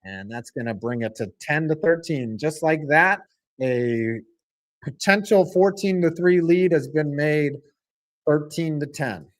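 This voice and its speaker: A man's voice: a little high, a little slow. A man hosting a live football reaction stream, joking with chat and calling plays in a rambling, self-deprecating way. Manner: rambling, joking banter mixed with play-by-play. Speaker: stream host.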